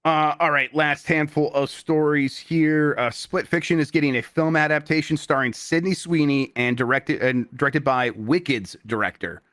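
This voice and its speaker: A man's voice: on the high side, moderate pace, hardly any pauses, no echo, clean studio sound. A man hosting a casual games podcast, reading out news with lots of fillers and easy laughs. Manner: relaxed, laughs often, many fillers. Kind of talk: casual panel chat.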